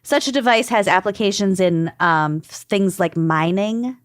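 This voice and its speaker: A woman's voice: mid-range voice, measured pace, dry recording, studio quality. A woman co-hosting a podcast, explaining research notes in a loose, joking way, full of "like" fillers. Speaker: podcast co-host.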